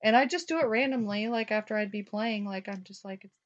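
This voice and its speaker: This is a chatty young woman co-hosting a talk-show podcast, wandering from point to point with lots of "like" and a stray swear word. Medium in pitch, she talks slightly fast, and the audio sounds dull and lo-fi.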